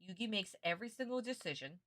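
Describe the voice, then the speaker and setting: A woman's voice: medium pitch, lively intonation, fast, a bit bright, dry recording, clean studio sound. A young woman ranting in a casual live-stream reaction, exasperated and swearing freely.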